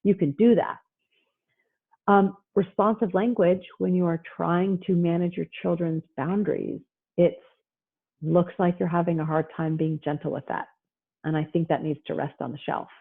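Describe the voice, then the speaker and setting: A middle-aged woman therapist giving a lively online parenting talk, acting out parents and children as she goes. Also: lowish voice, normal speed. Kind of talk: animated online presentation. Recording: husky voice over a tinny phone-like line.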